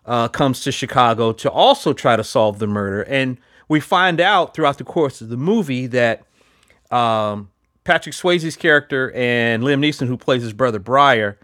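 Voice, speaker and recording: A man's voice: mid-range voice, moderate pace, fairly bright tone, dry recording, clean studio sound. A man casually chatting as a podcast host, rambling with lots of fillers and restarts. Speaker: podcast host reviewing films. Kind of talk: casual chat.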